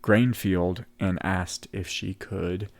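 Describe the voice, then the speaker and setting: A man co-hosting a casual podcast talk about a play, retelling scenes with halting restarts. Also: deep voice, steady tone. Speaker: podcast co-host.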